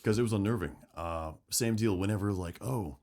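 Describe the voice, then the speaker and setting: Deep-voiced man in casual lore chat. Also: fairly quick. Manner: animated, swearing, acts out quotes. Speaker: podcast co-host.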